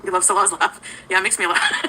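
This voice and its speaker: A woman's voice: mid-range voice, wildly swooping pitch, brisk, pushed and bright, a little hiss or hum, low-quality recording. A woman talking casually on a livestream, greeting viewers by name and giggling often.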